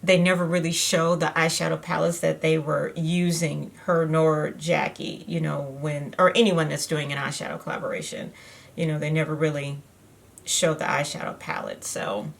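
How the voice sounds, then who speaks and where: A woman's voice: low-pitched, little pitch movement, normal speed, creaky. A woman chatting in a rambling, easygoing way with many fillers while she walks through a makeup tutorial at home. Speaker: beauty vlogger. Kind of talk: casual makeup tutorial chat.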